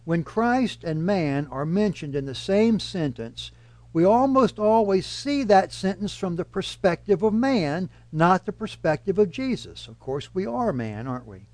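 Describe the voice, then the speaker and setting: A man preaching a Bible study sermon in a measured, emphatic teaching manner. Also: sits high, animated, a little mellow, dry recording. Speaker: pastor.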